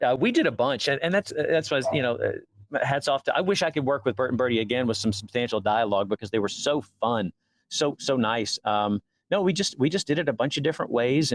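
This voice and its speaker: On a dry recording, a man with a mid-range voice tells stories as an actor guest in a casual interview. He's animated and acts out the dialogue as the stories unfold.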